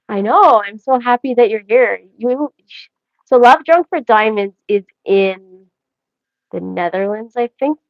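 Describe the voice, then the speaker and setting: Chatting casually on her livestream, a Canadian host rambles, jokes and addresses viewers directly in an animated voice on the high side. She speaks unhurriedly, and the dry, dull lo-fi recording has no room sound.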